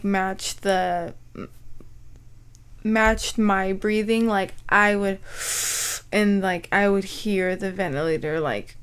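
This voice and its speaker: Slow, halting young woman podcast host. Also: medium pitch. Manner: halting, full of "like" fillers; clears throat often. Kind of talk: personal storytelling monologue.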